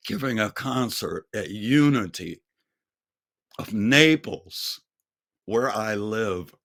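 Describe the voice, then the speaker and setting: A man's voice: fairly low pitch, lively intonation, a bit bright. An older man, a singer, telling a heartfelt personal testimony in an earnest storytelling manner. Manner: slow, earnest storytelling with quoted dialogue. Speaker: singer and speaker.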